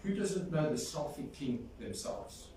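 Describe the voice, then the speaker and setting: A man with a somewhat high voice and lively intonation speaks a little slowly, offering an affectionate, anecdotal eulogy and singing a folk song. The funeral takes place in a large, echoey hall, captured from afar with faint noise.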